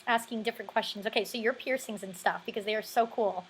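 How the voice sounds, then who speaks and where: A woman's voice: fairly high pitch, fast, slight background noise, low-quality recording. An American woman interviewing a guest, bubbly and giggly, filling her questions with "like". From United States. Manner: bubbly, giggly, uses lots of "like". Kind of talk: casual interview chat.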